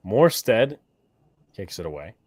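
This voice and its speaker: A man calling the plays on a fan livestream, his voice sitting low but moving a lot. He rises sharply for the big moments and jokes in between. The sound is close and dry. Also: a little slow, no room sound. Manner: excited play calls, joking banter. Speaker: play-by-play commentator. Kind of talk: fan livestream sports commentary.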